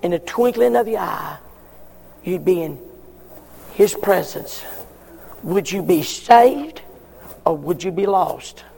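Male preacher, high-pitched and slow, emphatic repeated questions, reverberant church. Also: lively intonation, creaky, warm tone, a little hiss or hum. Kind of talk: sermon.

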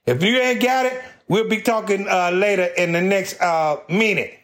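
A man playing a huge, mean male district manager who yells bossy, threatening orders at his crew. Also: high-pitched, moderate pace. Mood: demanding.

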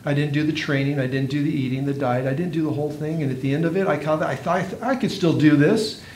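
A man preaching a sermon, earnest, with dramatic pauses and swelling emphasis. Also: darkish tone. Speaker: pastor. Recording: echoey room with faint noise and rumble.

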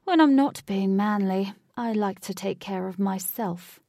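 A woman voicing a well-groomed, vain young man who talks smooth, loud and forward. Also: medium pitch, a little slow, no room sound, studio quality, far from the mic, natural voice.

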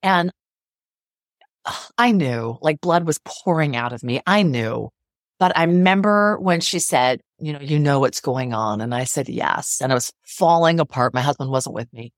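A middle-aged woman with a lowish voice talks as a guest on a podcast. She is earnest and emphatic and often repeats a phrase for weight. The sound is close and dry. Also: expressive, normal speed, dry recording. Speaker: psychotherapist guest. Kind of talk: podcast interview.

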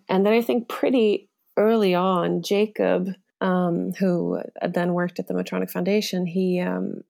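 Woman with a gravelly voice. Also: mid-range voice, a little mellow. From Sweden. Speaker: guest sharing her experience. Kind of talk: personal recollection in conversation.

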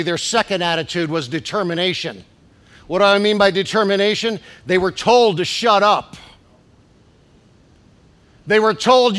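In a church, a male bishop preaches a Pentecostal sermon, dropping to low asides and rising to shouted declarations while urging the congregation to respond to each other.

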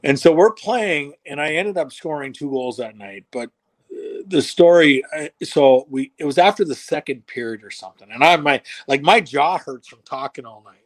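A man's voice: on the high side, lively intonation, normal speed. A man telling a long, rambling story on a podcast in a casual way, acting out other people's lines with plenty of restarts and swearing. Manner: acts out quoted dialogue. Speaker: podcast guest.

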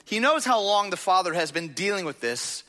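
The pastor's high voice has lively intonation and a pushed, bright sound, delivered at a moderate pace. He preaches conversationally in a reverberant hall, full of rhetorical questions and frequent uses of "like".

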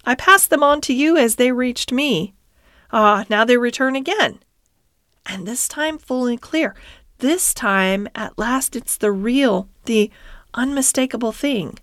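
Dreamy poetic male water rat, murmuring and hushed, lifted pitch, as a woman reads him; dry close sound. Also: measured pace, no room sound. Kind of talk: storybook character voice.

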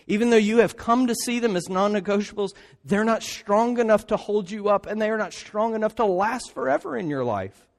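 A man's voice: sits high, lively intonation, a little fast, creaky. A man preaching a sermon in an emphatic way, often tossing in rhetorical asides. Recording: long hall reverb.

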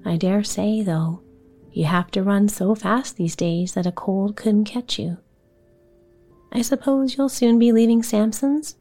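A woman's voice: mid-range voice, measured pace, warm tone, faint music behind. A woman doing Doctor Forbes, a hearty doctor. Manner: hearty and probing. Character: hearty, wise old family doctor.

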